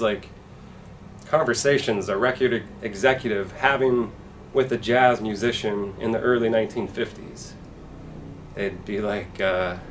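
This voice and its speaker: A man doing a stand-up comedy set with a dry, deadpan delivery and acted-out quotes. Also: lowish voice, far from the mic, slight background noise.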